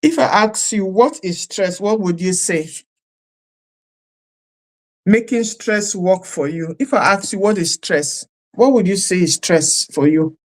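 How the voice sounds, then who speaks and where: A woman's voice: mid-range voice, measured pace. Woman coach repeating questions to viewers. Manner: repeats questions to viewers, stresses listed words. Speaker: life coach. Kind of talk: live-streamed coaching session. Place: streaming live at home or studio.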